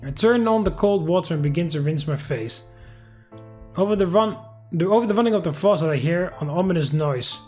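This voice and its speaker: A man reads a visual novel aloud for his gameplay channel, leaning earnestly into the text. His voice sits a little high for a man. Every so often he breaks off with wry, joking asides. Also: animated, a little fast, darkish tone, soft background music. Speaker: video game let's player.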